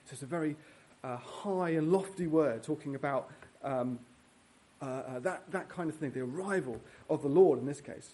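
Male preacher, slightly high voice, earnest, teaching a sermon verse by verse. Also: moderate pace, dark tone. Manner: earnest, prays, teaches verse by verse with fillers and restarts. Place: church.

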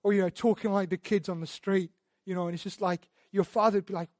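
High-voiced preacher, dry sound. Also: male voice, fairly even intonation, fast, dry recording. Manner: earnest, stammers and repeats words, builds to loud emphatic passages. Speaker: pastor. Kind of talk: sermon; verse-by-verse Bible teaching.

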